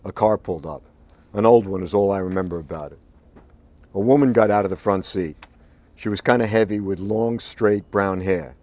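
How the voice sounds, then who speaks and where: A man narrating a first-person crime story in a plain, unhurried way. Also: low-pitched, warm tone. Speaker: audiobook narrator.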